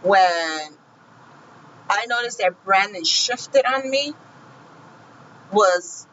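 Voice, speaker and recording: Woman, vlogger, personal storytelling, heated, profane, forceful bright voice, dull audio, faint vehicle noise. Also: medium pitch, lively intonation, extremely slow. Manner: heated, profane, tells the story with raw feeling. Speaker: vlogger recounting her own experience.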